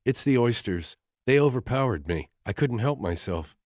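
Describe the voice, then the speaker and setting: A male audiobook narrator voicing a teasing, giggly young woman in a romance novel, his pitch lifted for her lines. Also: animated, moderate pace, darkish tone, no echo, clean studio sound, natural voice. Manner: teasing, breaking into laughter.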